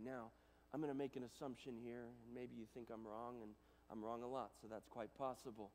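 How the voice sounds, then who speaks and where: A man speaks to a school assembly at an ordinary mid pitch, animated and conversational, full of casual fillers. His delivery swings from loud bursts to near-hushed asides. The sound carries a long reverberant tail from a large hall. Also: brisk, a little hiss or hum. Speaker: guest speaker. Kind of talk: chapel talk to students.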